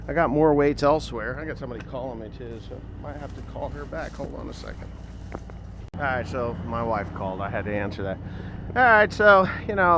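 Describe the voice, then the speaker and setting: A man in his fifties with an ordinary middle-pitched voice, rambling offhandedly to camera about his farm work. His humor is dry and sarcastic. He speaks outdoors, with faint vehicle noise in the background. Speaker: farmer. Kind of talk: casual farm vlog talking to camera. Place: outdoors on a farm among tractors and equipment.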